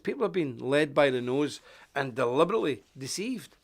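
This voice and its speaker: A man's voice: mid-range voice, lively intonation, a little fast. A middle-aged man with a Northern Irish accent, hosting a live online commentary, rambling and indignant as he reads from a paper and greets viewers. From Northern Ireland. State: coughing. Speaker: host.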